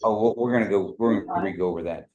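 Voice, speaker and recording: A man teaching a beginners' language class from an office over a video call, patient and slow when repeating phrases. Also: low-pitched, dull audio, a loud crowd.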